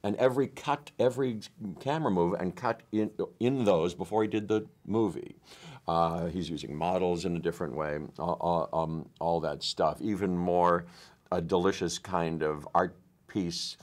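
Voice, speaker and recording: A male actor in an interview, talking haltingly and searching for words. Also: low-pitched.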